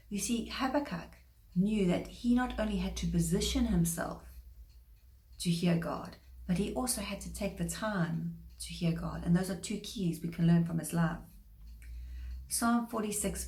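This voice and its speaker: A woman giving a short devotional sermon, earnest and measured, slowing down to stress scripture. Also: fairly low pitch, creaky, a little mellow. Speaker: preacher. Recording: echoey room.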